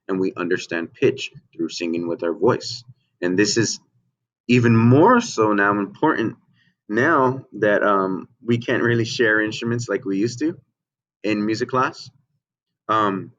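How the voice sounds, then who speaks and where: A man's voice: lowish voice, a bit bright. A man teaching a remote music lesson to children, explaining patiently and checking in with "okay?" and "right?". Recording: dull lo-fi home recording.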